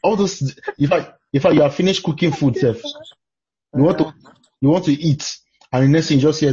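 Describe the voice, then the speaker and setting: A man's voice: on the high side, moderate pace, mellow, dull audio, a little hiss or hum. A man from Nigeria with a Nigerian accent, preaching in conversation and telling stories with frequent exclamations.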